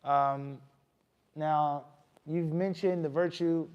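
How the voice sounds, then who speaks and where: A man giving a mosque lecture, animated, often putting questions to the audience. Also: fairly high pitch, slow pace, smooth, muffled recording. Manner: animated, asks the audience questions, acts out scolding. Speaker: imam giving a talk.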